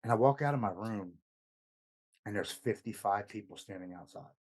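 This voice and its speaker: A man on a podcast, casually telling a personal story with lots of quoted back-and-forth, earnest and dropping softer at heavy moments. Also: on the low side, normal speed, breathy edge. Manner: retells events with much quoted dialogue. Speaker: podcast guest.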